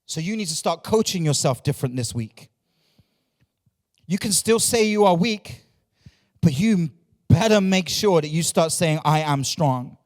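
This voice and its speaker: A man's voice: high-pitched, animated, a little slow, pauses often, a little mellow, big-room sound. A man preaching a sermon as pastor, repeating phrases and drawing answers from his congregation. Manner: repetitive, call-and-response with the congregation. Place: church.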